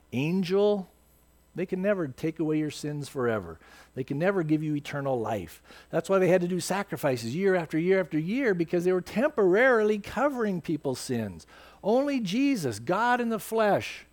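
Animated high-voiced male preacher. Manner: emphatic, quotes scripture with rising force. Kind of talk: sermon.

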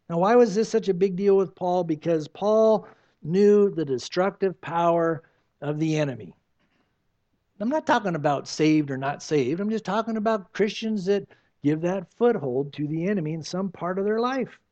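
An older man preaching in a loose, conversational way, often dropping into little acted voices to make a point. His voice sits high for a man. The recording sounds dull and lo-fi. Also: normal speed, darkish tone. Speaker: pastor. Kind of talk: sermon.

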